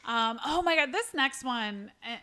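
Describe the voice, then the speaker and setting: A woman's voice: high voice, lively intonation, unhurried, sharp tone. A woman co-hosting a casual podcast chat, laughing often and exclaiming as she talks. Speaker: podcast co-host.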